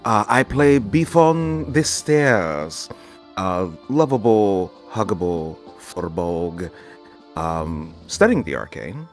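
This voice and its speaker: A man's voice: sits low, expressive, slow pace, soft background music. A man playing in a tabletop game, introducing himself in an upbeat, friendly way. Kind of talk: casual livestream chat.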